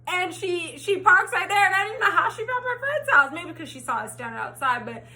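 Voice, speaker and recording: A high, bright young woman recounts a story in casual, animated storytime style. She swears freely and acts out her own past lines, close to the mic. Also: fairly quick. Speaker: storytime vlogger.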